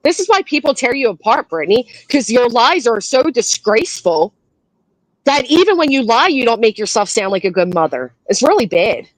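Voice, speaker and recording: High-voiced woman ranting bluntly. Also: very animated, moderate pace, no echo, poor audio. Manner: blunt, profane, scolding rants. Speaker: commentary host. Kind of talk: reaction commentary.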